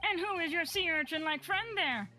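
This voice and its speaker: A woman voicing a zealous, loud male police detective in a fan voice acting of a game, with booming, self-righteous declarations. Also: a little fast, faint music behind. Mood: earnest.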